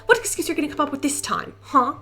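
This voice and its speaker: A woman reading the lines of a hot-tempered young male agent from a game, shouting curses. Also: sits high, expressive, racing, faint music behind, voice pushed up. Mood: furious. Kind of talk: reading game dialogue aloud.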